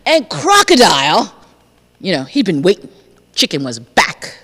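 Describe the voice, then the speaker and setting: A woman telling a folk tale to a congregation, lively and repetitive, inviting listeners to join in. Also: on the low side, measured pace, a little hiss or hum. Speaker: guest storyteller. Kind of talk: storytelling to a congregation. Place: church sanctuary. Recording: long reverb of a sanctuary.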